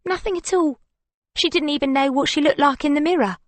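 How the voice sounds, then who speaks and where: A woman's voice: sits high, brisk, no room sound, voice pushed up, lightly acted. Woman voicing a blunt, teasing younger sister. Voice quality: casual, slangy, teasing. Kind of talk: audiobook character voice.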